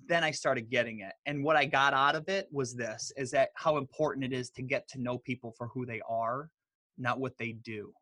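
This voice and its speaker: A man, a guest in an interview, telling stories in a loose, animated way full of fillers. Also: medium pitch, no room sound. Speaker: guest, author and speaker. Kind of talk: casual interview storytelling.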